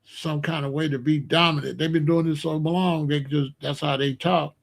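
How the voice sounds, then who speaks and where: A man hosting a podcast, telling a story in a casual, animated and slangy way. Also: on the high side, normal speed, creaky. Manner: animated, slangy, explains with gestures. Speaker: podcast host.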